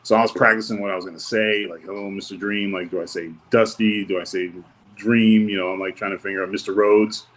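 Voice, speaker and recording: Deep-voiced and fairly bright, this wrestling guest talks fast with hardly any pauses and a fairly even intonation. His casual interview stories ramble loosely, packed with fillers and restarts, and he performs the voices of the people he quotes.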